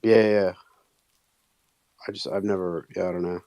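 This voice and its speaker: A man chatting on a live audio call, excitable and slangy, swearing casually. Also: low voice, moderate pace, dry recording. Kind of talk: casual chat.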